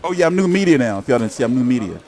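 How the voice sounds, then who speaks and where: A young man chatting casually on a stream about boxing, excitable and profane, often repeating himself. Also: mid-range voice, very fast. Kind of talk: casual live-stream chat.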